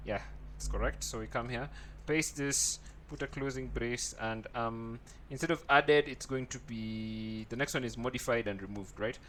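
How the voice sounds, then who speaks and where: In this screen-recorded coding tutorial, the man has a medium-pitched, fairly bright voice, speaks at normal speed with few pauses, and there's a little hiss or hum. He types while voicing his thoughts and frequently asks "right?".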